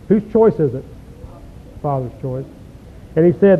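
A man's voice: animated, normal speed, long pauses. A man preaching a sermon, reading scripture aloud and breaking in with folksy rhetorical questions. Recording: tinny phone-like lo-fi recording with faint rumble.

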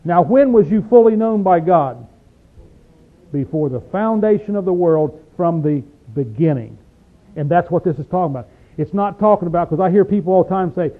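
Male Bible teacher, folksy and emphatic, slightly high voice, tinny lo-fi tape. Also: animated. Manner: folksy, emphatic, reads verses slowly then explains. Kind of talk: informal Bible study sermon.

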